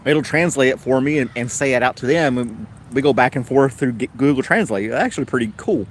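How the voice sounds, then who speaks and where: A man's voice: mid-range voice, a little fast, a little hiss or hum. A man with a Tennessee accent hosting a casual livestream chat, rambling along in an easygoing way. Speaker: host.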